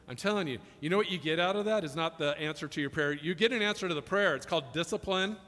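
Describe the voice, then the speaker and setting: Pastor type, man, high bright voice, chatty jokes into earnest preaching, long reverb of a hall. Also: normal speed. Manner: chatty, jokey storytelling building to earnest preaching. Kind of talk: sermon with humorous stories.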